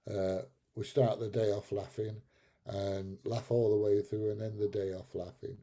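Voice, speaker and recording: A man's voice: fairly low pitch, level tone, moderate pace, mellow. A man in his seventies hosting a live stream, reading out chat comments and bantering back at trolls with frequent laughs. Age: 70s. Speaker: livestream host reading chat.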